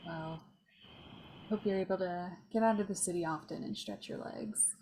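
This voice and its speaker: A woman's voice: lowish voice, fairly even intonation, normal speed, warm tone, slight background noise, poor audio. A woman taking part as a player in a tabletop role-playing game, speaking hesitantly with many fillers.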